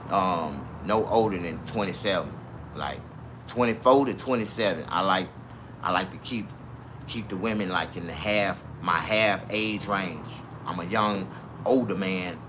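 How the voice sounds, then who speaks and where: A man's voice: fairly low pitch, noisy background. A man in his forties telling a crude, rambling comic story who often laughs at his own punchlines. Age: 40s.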